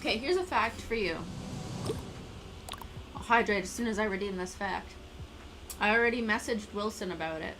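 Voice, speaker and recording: A woman's voice: medium pitch, normal speed, pauses often, noisy background. A woman hosting a casual live stream, chatting in a rambling, self-deprecating way.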